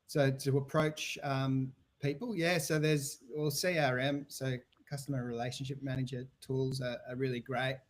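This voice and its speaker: On a podcast, an Australian man who owns a website business answers questions about websites and sales at a normal speed, pausing little. His mid-range voice stays level while he rambles loosely, often restarting and using fillers.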